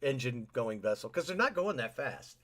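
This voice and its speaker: A man's voice: medium pitch, big pitch swings, normal speed, a bit bright. A man co-hosting a podcast in casual chat, wry and sarcastic about government. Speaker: podcast co-host.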